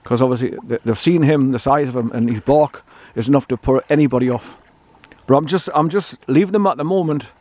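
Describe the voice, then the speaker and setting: A man's voice: medium pitch, fairly quick, darkish tone, dry recording. Chatty older man. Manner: chatty, blunt, meandering, repeats words. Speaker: dog owner vlogger. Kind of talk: casual rambling walk-and-talk. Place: outdoors by a stream and bridge.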